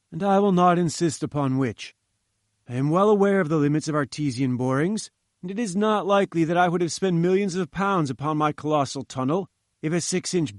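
Imperious old professor, commanding and scornful, raised pitch, man voicing. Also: dry recording, clean studio sound, natural voice. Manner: haughty and commanding. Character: domineering older male scientist, imperious.

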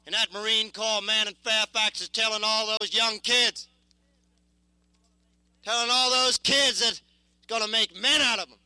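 A young man in his twenties, a war veteran, giving impassioned spoken testimony in an intense, halting, repetitive way. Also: high-pitched, fairly even intonation, pushed and bright, clear, resonant tone, no echo, rough recording.

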